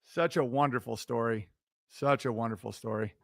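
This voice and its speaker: A middle-aged man talking loosely on a livestream, giving relationship advice in an animated, profane, self-interrupting ramble. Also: medium pitch, moderate pace, vocal fry, no room sound, clean studio sound. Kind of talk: casual rambling monologue.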